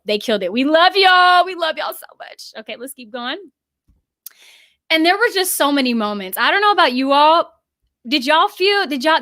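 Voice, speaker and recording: A woman hosting a casual live stream, effusively reading out viewer comments and giving shout-outs. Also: fairly high pitch, no room sound, studio quality. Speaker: livestream host.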